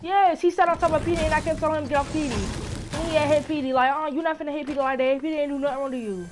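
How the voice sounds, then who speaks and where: A woman's voice: sits high, fairly even intonation, rapid-fire, over music. A young woman talking casually, exasperated and scolding in heavy slang.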